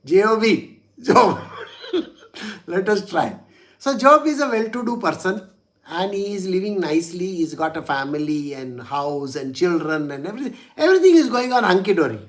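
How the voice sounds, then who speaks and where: A man's voice: high-pitched, lively intonation, normal speed. A man, a spiritual teacher telling a religious story in a chatty way, with frequent chuckles and "you know" asides.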